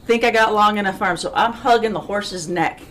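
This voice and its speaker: A middle-aged woman on a podcast telling lively stories, acting out the voices of the people in them, with folksy slang and a sarcastic streak. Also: medium pitch, a little fast, slight background noise. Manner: self-described sarcastic. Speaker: podcast guest. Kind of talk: animated storytelling.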